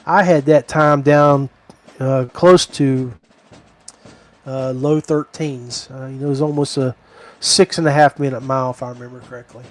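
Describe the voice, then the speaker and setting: A man's voice: medium pitch, fairly even intonation, normal speed. A middle-aged man from Virginia, hosting a podcast and telling a rambling, digressive story. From West Virginia. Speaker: podcast host. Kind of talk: casual storytelling.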